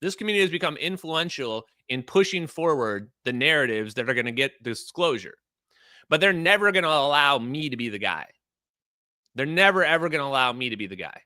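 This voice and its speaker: Fired-up livestream host, man, bright edgy tone, swinging pitch, heated rhetorical rant. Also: lively intonation, brisk, no echo. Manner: heated, emphatic ranting with rhetorical questions. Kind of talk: livestream commentary.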